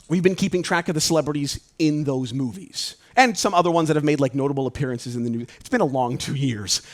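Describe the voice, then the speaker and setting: High-voiced energetic stage mentalist man. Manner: energetic, rapid number-calling to an audience. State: out of breath. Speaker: mentalist performer. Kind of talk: live stage show patter. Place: cruise ship show venue.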